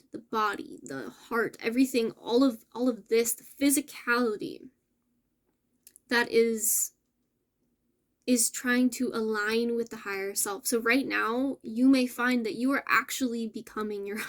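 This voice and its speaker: A woman hosting a casual spiritual message for her viewers, gentle and affirming, with soft laughs and self-corrections. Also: a little high. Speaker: spiritual channel host.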